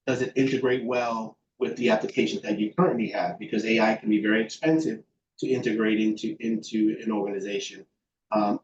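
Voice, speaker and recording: A man's voice: on the low side, a little mellow. A man giving interview answers on a video call, thoughtful, with many fillers and restarts. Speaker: guest expert. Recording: roomy, dull sound with faint background noise.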